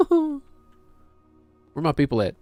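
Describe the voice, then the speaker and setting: A man's voice: on the high side, wildly swooping pitch, slow, mellow, no echo, soft background music. A man streaming a game, chatting casually as he thinks aloud to himself and to his chat. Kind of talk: casual gameplay commentary.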